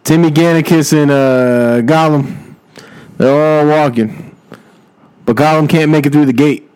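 A man's voice: a little high, measured pace, a little mellow, smooth, low-quality recording. A young man improvising a rambling, profane comedy story and laughing along as he tells it.

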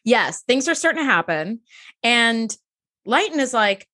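A woman co-hosting a casual chat show, animated and given to acting out characters' lines, with casual swearing. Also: on the high side, measured pace. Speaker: podcast co-host.

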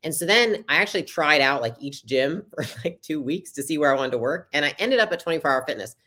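Fast-talking young woman telling her story. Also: sits low, animated, a bit bright. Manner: fast, chatty, acts out quoted dialogue. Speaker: podcast guest. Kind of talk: casual storytelling interview.

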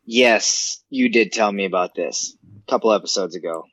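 A man co-hosting a podcast in casual chat, easygoing and quick with short agreeing replies. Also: on the low side, fairly bright tone, dry recording, muffled recording. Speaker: podcast co-host.

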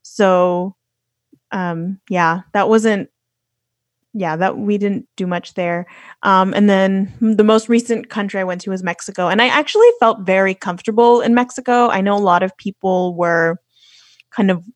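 A woman guest on a podcast, talking in a casual, rambling way with plenty of fillers. Her voice sits at a middle pitch. The sound is close and dry, with no room around it. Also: steady tone, normal speed, dry recording. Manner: chatty, loose, full of "like" and "you know". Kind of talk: casual interview chat.

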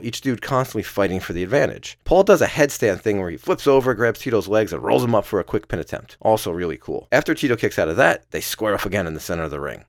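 Low male podcast host, loose and profane, very animated delivery, dry close sound. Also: dry recording. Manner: profane, playful play-by-play with laughs. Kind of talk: casual match recap.

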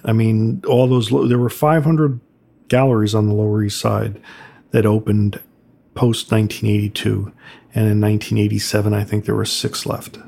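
An older man, a graffiti artist telling stories from his career in a relaxed, conversational way. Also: creaky. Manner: conversational, acts out quotes with raised pitch. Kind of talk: reflective storytelling. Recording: soft music underneath.

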